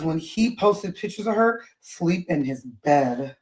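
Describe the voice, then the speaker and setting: A woman's voice: lowish voice, moderate pace, hardly any pauses, poor audio. A woman hosting a casual gossip livestream, chatting and reading out posts and text messages from her phone or webcam. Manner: chatty, reads out posts and texts. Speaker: host.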